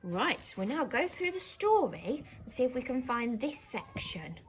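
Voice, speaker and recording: A woman with an English accent teaching young children, speaking slowly and clearly and acting out characters' lines in big high voices. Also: big pitch swings, slight background noise. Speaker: primary school teacher.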